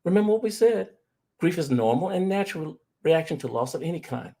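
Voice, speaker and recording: A man's voice: on the high side, lively intonation, fairly quick, vocal fry, warm tone. A middle-aged man, a grief recovery specialist, telling personal stories in an earnest motivational talk. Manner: earnest storytelling, addresses audience directly.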